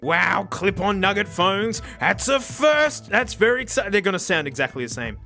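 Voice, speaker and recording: A sarcastic young man tears through a comedic unboxing, his voice high and bright. He's animated, quick to shout and laugh, with faint music playing beneath him. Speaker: tech reviewer.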